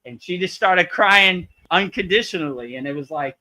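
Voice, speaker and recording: A man's voice: high voice, lively intonation, moderate pace, pushed and bright. A man hosting a live spiritual Q&A, chatting casually and animatedly, acting out quotes and laughing often. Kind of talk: live Q&A chat, storytelling.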